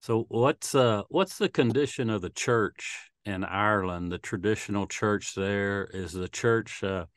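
A male interview host who asks halting questions full of fillers. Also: on the low side, no room sound, clean studio sound.

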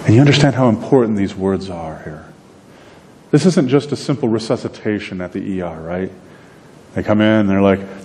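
A man's voice: normal speed, darkish tone. A man preaching a sermon in a conversational storytelling manner, acting out bits of dialogue. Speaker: pastor. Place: church sanctuary. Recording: long reverb with faint rumble noise.

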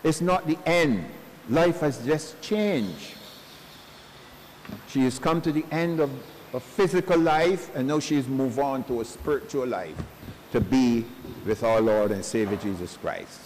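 A male pastor giving a funeral sermon in earnest, slow preaching sprinkled with homespun stories, recorded at a church service. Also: medium pitch, darkish tone, a little hiss or hum. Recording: long church reverb.

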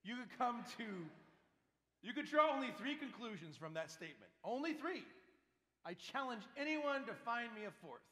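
A man's voice: extremely high pitch, sing-song, moderate pace, pushed and bright. A priest giving a sermon to his congregation in a church, speaking with emphasis and asking them rhetorical questions. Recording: long church reverb.

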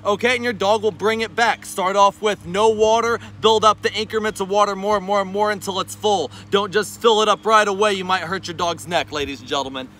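Upbeat man vlogging dog training outdoors, high bright voice. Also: fairly quick, few pauses, slight background noise. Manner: cheerful, gives short sharp commands to his dog. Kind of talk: casual how-to vlog with dog training commands.

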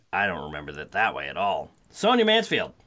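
Animated wry man hosting a podcast. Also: low voice, moderate pace. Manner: animated, self-correcting, wry. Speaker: podcast host. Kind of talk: casual chat.

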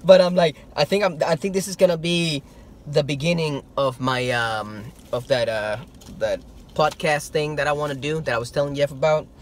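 A man vlogging casually, telling a story in an excitable, animated way, with some stammering. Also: on the high side, moderate pace. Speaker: toy-hunting vlogger.

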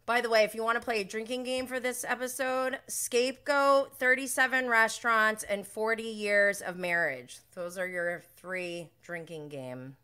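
A woman's voice: medium pitch, bright, forceful tone. A young woman hosting a casual reality TV recap, chatty and opinionated with lots of filler words and laughing asides.

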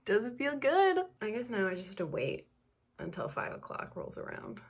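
A woman chats at home while getting ready on camera, teasing herself. She talks at an ordinary middle pitch and laughs often. A faint hiss sits under her voice. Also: animated, normal speed, darkish tone. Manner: playful and self-mocking; chatty with bursts of laughter. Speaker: vlogger. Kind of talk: casual get-ready-with-me chat.

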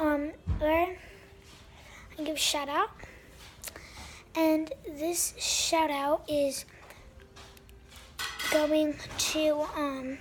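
Excitable high-voiced young girl vlogger. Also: background noise. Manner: excitable, gushing, often drops to whispers. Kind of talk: casual home vlog. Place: home, indoors.

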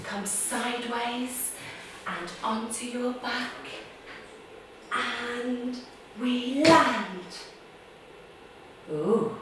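A woman's voice: on the high side, drawn-out words, background noise. A woman leading a guided story-time yoga class for children, playful, gasping and making beeping sound effects. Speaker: kids' yoga teacher. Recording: echoey room, distant mic.

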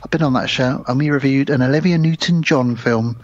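A man's voice: mid-range voice, brisk, no echo. Chatty man hosting a podcast. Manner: chatty, rambling, self-deprecating. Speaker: podcast host. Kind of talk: casual podcast chat. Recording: slightly dull lo-fi sound.

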